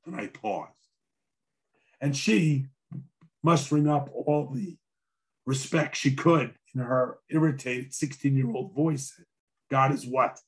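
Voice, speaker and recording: A man who is a rabbi gives a conversational lecture, telling a story with dry humor in a hoarse voice. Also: mid-range voice, slow, pauses often, a little mellow. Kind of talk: sermon-style lecture with storytelling.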